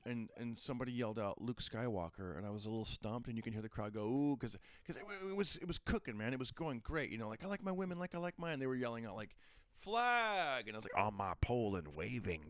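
Male comic, chatty, loose storyteller, mid pitch, dry studio sound. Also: expressive, fast talker, few pauses, no room sound. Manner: rambling, storytelling with quoted voices. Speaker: stand-up comedian. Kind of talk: casual podcast chat.

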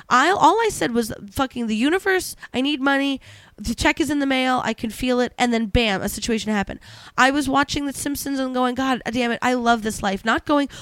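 A young woman with a high voice co-hosts a casual podcast, rambling and animated and swearing freely. The recording is dry and close, with no room sound. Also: brisk, clean tone, no echo. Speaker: podcast co-host.

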